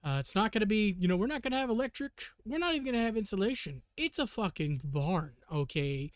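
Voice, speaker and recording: A man streaming live in casual, rambling chat, swearing loosely and often clearing a sore throat. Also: high voice, expressive, fast talker, no echo, studio quality.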